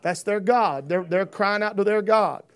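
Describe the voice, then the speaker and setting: Pastor, high voice, homespun preaching that swells to fervor. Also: male voice, unhurried, clean tone. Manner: folksy, rising to fervent preaching. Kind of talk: sermon.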